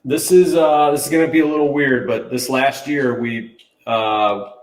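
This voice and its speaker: A man's voice: mid-range voice, fairly even intonation, normal speed. A man who is a guest on a podcast, chatting casually in a rambling, upbeat way with many restarts. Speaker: podcast guest, brand manager. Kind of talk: casual interview chat. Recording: roomy, distant mic.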